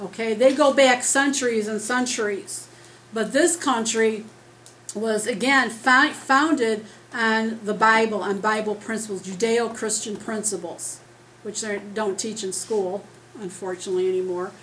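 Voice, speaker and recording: A woman preaching an earnest, rambling sermon as she starts losing her voice, talking loud without a microphone. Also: fairly high pitch, unhurried, a little hiss or hum, rough recording. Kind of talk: conversational sermon. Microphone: speaking loud without a microphone.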